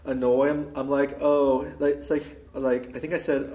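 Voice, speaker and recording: A man telling a long story in casual chat, rambling with many restarts and putting on high voices for the people he quotes. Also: level tone, moderate pace, few pauses, dark tone. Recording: roomy echo.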